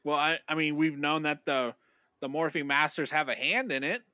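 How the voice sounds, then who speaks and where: A middle-aged man co-hosting a casual fan podcast, agreeable and quick with short agreements. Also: on the high side, bright, forceful tone, no room sound. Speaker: podcast co-host.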